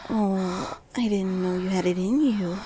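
A woman playing a commanding lover in an erotic audio role-play, breathy and often whispering, giving slow, coaxing directions. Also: medium pitch, steady tone, warm tone, slight background noise, natural voice. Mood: sultry.

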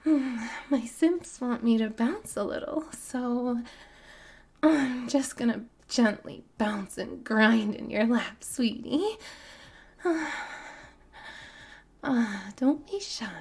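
A young adult woman in a whispered role-play, talking softly and breathily with many drawn-out murmurs. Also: on the high side, lively intonation, slightly rough.

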